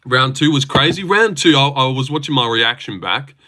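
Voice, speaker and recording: A man's voice: medium pitch, moderate pace. A young man with an Australian accent, chatting loosely and swearing as he hosts a livestream and reads out comments. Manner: loose, excitable, swearing banter. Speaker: livestream host. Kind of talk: casual livestream chat reading comments.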